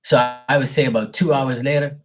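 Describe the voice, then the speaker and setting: A man's voice: mid-range voice, fairly even intonation, brisk, soft background music. A middle-aged man reading tarot on a live stream, telling a rambling family story in casual chat, swearing and mimicking his relatives. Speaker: tarot reader.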